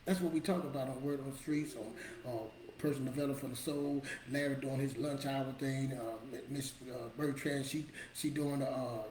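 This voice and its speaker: A man's voice: mid-range voice, steady tone, normal speed, few pauses, a crowd in the background. A middle-aged man hosting a motivational show, talking casually and emphatically, repeating his points in a colloquial, preachy way. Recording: roomy echo with faint ambience.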